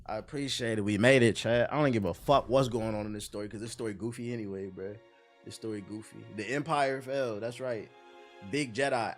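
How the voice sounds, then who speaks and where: A man streaming a game live, shouting with excitement, swearing and talking to his chat. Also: medium pitch, fairly quick, soft background music.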